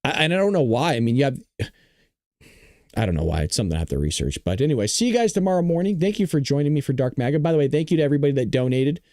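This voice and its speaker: Hoarse, chatty live-stream host man. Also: mid-range voice, rapid-fire, no echo, clean studio sound. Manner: chatty, animated, reacts to chat. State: hoarse, losing his voice. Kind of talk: live-stream political commentary.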